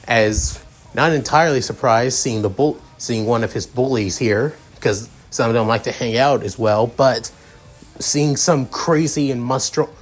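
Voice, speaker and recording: A young man narrates a fan story off the cuff, rambling and restarting his sentences often. His voice sits at an ordinary middle pitch for a man.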